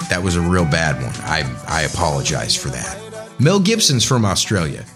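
A man's voice: low voice, sing-song, normal speed, music in the background. A man hosting a podcast, rambling in a casual political monologue, talking straight to his listeners and often correcting himself. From United States. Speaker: podcast host.

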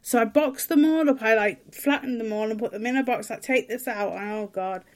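A woman with a fairly high voice chats on a podcast. She sounds exasperated as she teases her partner. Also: expressive, brisk. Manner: exasperated, teasing. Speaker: podcast guest. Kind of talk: casual chat.

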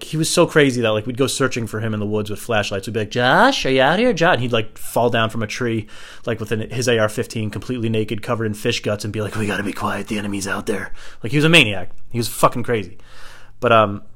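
A young man casually telling wild stories, cursing a lot and mimicking his friends' voices. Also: fairly low pitch. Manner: swearing, animated, acts out friends' voices. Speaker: storyteller. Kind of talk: casual storytelling.

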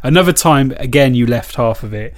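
A man's voice: medium pitch, expressive, fairly quick, a loud crowd. A man co-hosting a podcast, teasing his friend in wry, casual comic chat. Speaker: podcast co-host.

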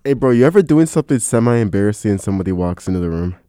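A man's voice: lowish voice, animated, racing, dark tone, dry recording. A young man co-hosting a podcast in casual chat, laughing often and calling his friend bro. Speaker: podcast co-host.

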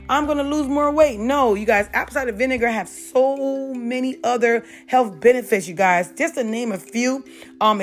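A middle-aged woman from South Carolina, with a Southern accent and a fairly high voice, hosts an unedited, casual talk on natural health and faith. She fills her speech with fillers and keeps saying "you guys" and "y'all."

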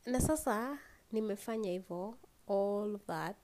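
A young Kenyan woman hosts a solo podcast, her mid-range voice expressive, a little slow, and somewhat mellow. She sounds tired and yawns as she rambles casually, swearing freely and switching between English and Swahili.

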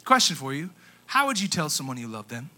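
A young man preaching a sermon as a youth pastor, animated, swinging between quiet and loud with emphatic pauses. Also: fairly high pitch.

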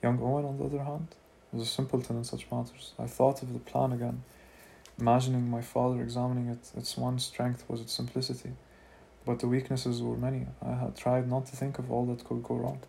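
Man reading aloud with a gravelly voice. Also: medium pitch, monotone, a little fast, dark tone, slight background noise. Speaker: reader of a novel. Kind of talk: amateur audiobook reading.

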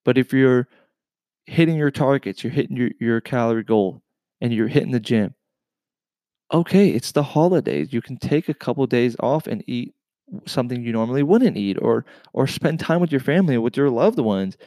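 A man's voice: medium pitch, lively intonation, normal speed, warm tone, no room sound. Earnest man giving weight loss pep talk. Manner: earnest, encouraging, repeats himself. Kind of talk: motivational talk to camera.

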